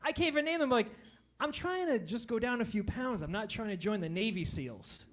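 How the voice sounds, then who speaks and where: A man in his forties doing a self-deprecating stand-up comedy set, landing punchlines and tagging them with quick asides to the crowd. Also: extremely high pitch, lively intonation, fairly bright tone. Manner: self-deprecating, punchy, tags jokes with "all right?".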